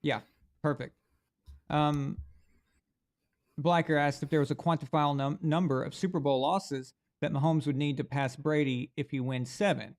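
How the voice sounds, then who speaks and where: A man's voice: a little high, fairly even intonation, normal speed. A man hosting a live sports reaction stream, talking casually and animatedly. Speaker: sports show host.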